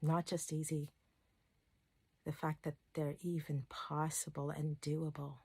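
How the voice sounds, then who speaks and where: A woman's voice: deep voice, level tone, unhurried, mellow, husky, no echo. A woman talking to camera in a candid, rambling personal vlog, sharing stories with open emotion. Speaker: self-love coach and channel host. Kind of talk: casual personal vlog monologue.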